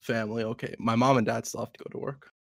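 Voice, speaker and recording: Man, gravelly voice, laid-back, short casual replies, podcast chat, dry sound. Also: mid-range voice, little pitch movement, quick pace, a bit bright, no room sound. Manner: laid-back, brief, filler-heavy replies. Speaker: podcast co-host. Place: home in New York.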